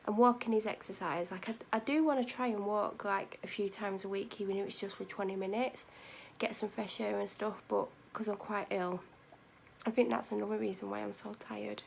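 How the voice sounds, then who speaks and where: A woman's voice: medium pitch, fairly even intonation, normal speed, creaky, a little mellow, a little hiss or hum. A tired woman vlogging in casual, meandering chat, correcting herself and sometimes dropping almost to a whisper. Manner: meandering, self-correcting, drops to near-whispers at times. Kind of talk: casual rambling vlog chat.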